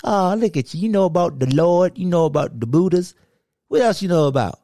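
A man voicing a petty, cheeky male alter ego who needles with rapid-fire taunting questions in podcast banter. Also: sits high, big pitch swings, creaky, a little mellow, no echo, clean studio sound, voice pushed up, full character voice. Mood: teasing.

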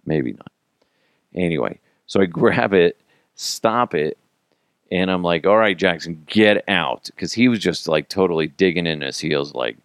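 Male podcast host, thirties, deep with vocal fry, dry close sound. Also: lively intonation, measured pace, fairly bright tone, dry recording. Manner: rambling, self-mocking, acts out quotes, swears. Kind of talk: casual storytelling podcast.

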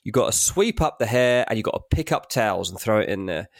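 A man's voice: on the low side, animated, quick pace, vocal fry, no echo, studio quality. A young British man co-hosting a podcast, telling self-mocking stories in a chatty, matey way. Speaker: podcast co-host. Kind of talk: casual chat.

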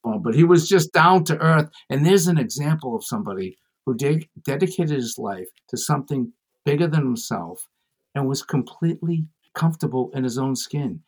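A male comedian telling an anecdote in a podcast interview, lively and playful, slipping into other voices as he tells it. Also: medium pitch, normal speed, breathy edge. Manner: animated, acts out voices in anecdotes. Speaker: comedian guest. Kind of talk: storytelling interview chat.

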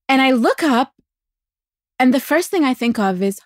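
A woman from the Emirates telling a personal story as a guest, acting out what people said in a lively, animated way. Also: high voice, normal speed, long pauses, dry recording, studio quality. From United Arab Emirates. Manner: animated, acts out quoted voices. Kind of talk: conversational storytelling.

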